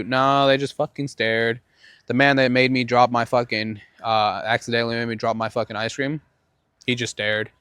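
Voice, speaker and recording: A man's voice: mid-range voice, steady tone, moderate pace, a bit bright, clean tone, no echo. Profane rambling man telling a story. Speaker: podcast host. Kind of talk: casual storytelling monologue.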